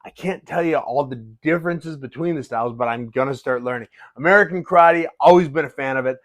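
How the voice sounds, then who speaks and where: Speaking to the camera in a casual vlog, a middle-aged man who fights for a living comes across excited and animated, talking fast and restarting his sentences often. His voice is slightly high for a man, and the close, dry recording has no echo or room sound.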